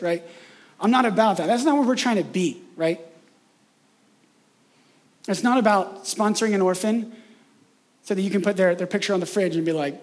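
A male pastor delivering a sermon in a relaxed, chatty way, with a notably high voice. He peppers his points with "right?" and drops into slower, quieter phrasing when he wants something to land. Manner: conversational, frequent "right?" tags, acts out imagined voices.

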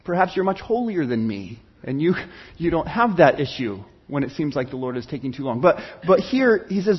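A man's voice: on the high side, very animated, moderate pace, breathy edge, lo-fi sound. A pastor preaching a candid, conversational sermon, acting out little dialogues and often restarting his sentences. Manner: stammering restarts.

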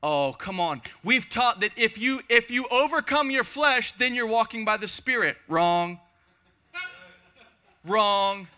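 A man's voice: very high-pitched, lively intonation, moderate pace, few pauses, sharp tone. A man preaching a passionate sermon to a congregation, speaking in emphatic, repeated phrases. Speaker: pastor. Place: church hall before a congregation.

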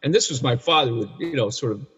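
A slightly rough, somewhat bright voice at medium pitch belongs to an animated, quick-paced Canadian man in his sixties. A guest who works as an addiction counselor for men, he candidly relates a hard personal story, rambling, restarting, blunt, sometimes swearing. The room recording is dull and echoey.

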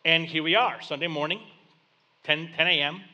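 A male pastor preaches in a church basement, spinning a story in a relaxed, conversational way. His voice sits high and sounds bright and ringing. He comes across as a man in his thirties talking to his congregation. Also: moderate pace, dull audio. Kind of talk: sermon.

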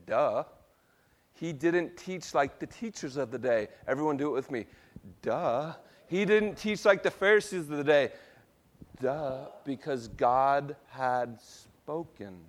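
Pastor guy preaching at church, kinda high voice, goes quiet then loud, does call and response with the crowd. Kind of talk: sermon.

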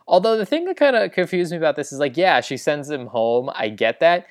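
A man's voice: a little high, sing-song, brisk, dry recording. Male podcast co-host, casual rambling recapper, dry close sound. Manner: rambling, lots of "like" and quoted lines.

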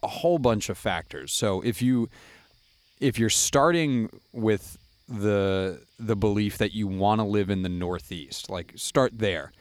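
A man's voice: on the low side, measured pace. A man from Connecticut co-hosting a casual chat, ranting with strong opinions. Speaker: podcast co-host.

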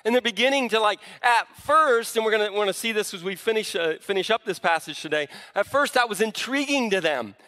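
Bright-voiced preaching man in a hall. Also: high voice, animated, fairly quick, hardly any pauses. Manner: emphatic, often restarts words mid-phrase. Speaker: pastor. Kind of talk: sermon.

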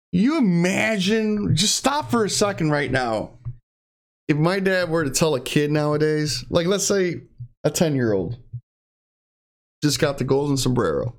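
A man's voice: fairly high pitch, animated, measured pace. A young man giving a blunt, profane pep-talk rant in a casual monologue.

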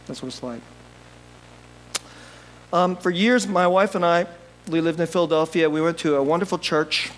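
A male pastor preaching a sermon in an animated, jokey manner, laughing often and swinging between loud bursts and quiet asides. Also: on the high side, fairly quick, poor audio.

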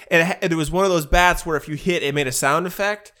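A man in his thirties telling a long funny story in a casual chat with friends, rambling and animated, jumping his voice up when he quotes people. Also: fairly high pitch, quick pace.

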